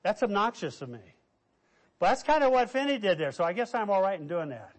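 A man preaching a sermon, telling stories with lively quoted voices and quiet asides. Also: high-pitched, fairly quick. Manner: animated, quotes figures in raised voice, drops to quiet asides. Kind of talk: sermon storytelling.

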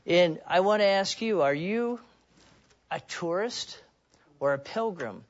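A man's voice: high voice, expressive, slow pace, highs cut off. A man preaching a sermon in an earnest, personal way, often restarting and repeating words.

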